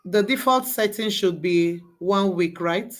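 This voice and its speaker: A woman's voice: mid-range voice, measured pace. A woman leading a live class, walking students through each step and repeating herself to coax them along. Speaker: bootcamp instructor.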